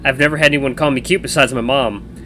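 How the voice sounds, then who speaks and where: A man's voice: mid-range voice, fairly even intonation, quick pace, sharp tone, slight background noise, close to an everyday voice. A man voicing a shy, nervous young man who stumbles over his words. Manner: hesitant, stumbling.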